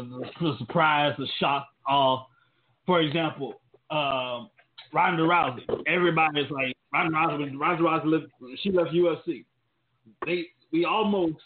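A man's voice: on the high side, slight background noise. A man in casual podcast chat, telling stories in a loose, rambling, slangy way. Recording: tinny phone-like sound.

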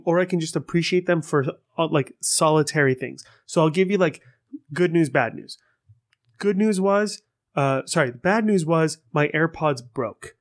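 A man hosting a casual solo podcast, rambling and swearing as he tells stories in an animated way. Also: a little high. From Persian heritage. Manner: rambling, profane, animated storytelling. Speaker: podcast host.

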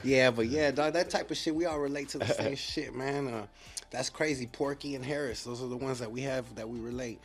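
Fast-talking man host. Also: mid-range voice, husky. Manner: animated street slang storytelling. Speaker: podcast host. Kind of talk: casual interview chat.

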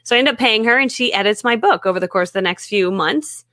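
Woman guest rattling off her story fast, lively, acts out what everyone said, dry close sound. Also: fairly high pitch, dry recording. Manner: lively, acts out her own and others' remarks. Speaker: guest, author and network marketer. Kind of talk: animated storytelling in conversation.

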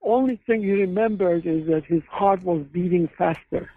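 A man's voice: sits high, moderate pace, no room sound. A man, a guest author and psychoanalyst, telling case stories in a rambling, hesitant way. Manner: discursive storytelling, frequent hesitations and self-corrections. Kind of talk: conversational interview. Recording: phone-line audio.

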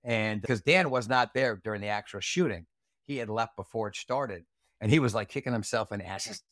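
A man's voice: fairly low pitch, brisk, a bit bright, no room sound, studio quality. A man recounting a night from his Army days as an interview guest, blunt, profane and heated. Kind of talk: casual storytelling interview.

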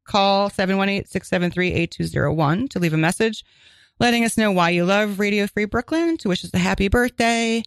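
A woman co-hosting a community radio crime show, chatting casually and reading announcements with quick asides. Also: medium pitch, clean tone, no echo. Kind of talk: casual chat and on-air announcements. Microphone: studio microphone.

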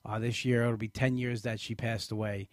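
A man's voice: on the low side, level tone, moderate pace, dry recording. A man hosting a casual podcast, rambling with restarts and fillers, talking close to the mic. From Italian-American family. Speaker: podcast host. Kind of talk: casual live podcast chat.

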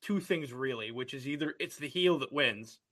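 A man co-hosting a casual wrestling talk show, playful and animated in his telling. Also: medium pitch, moderate pace. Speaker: podcast co-host.

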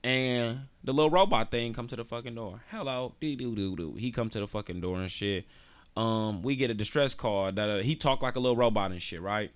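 A man's voice: mid-range voice, a little fast. A man hosting his own podcast, ranting casually in a loose, profane, slang-heavy storytelling style. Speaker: podcast host. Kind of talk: casual solo podcast rant.

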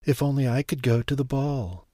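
A man voicing a gentle, tearful young woman from a storybook, speaking softly with a hopeful plea. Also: medium pitch, very animated, measured pace, dry recording, studio quality, voice pushed up. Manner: soft, tearful pleading.

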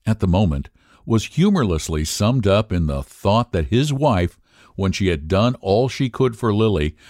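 Male audiobook narrator, measured and expressive, low and lively. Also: no room sound, studio quality. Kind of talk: scripted narration of a classic novel.

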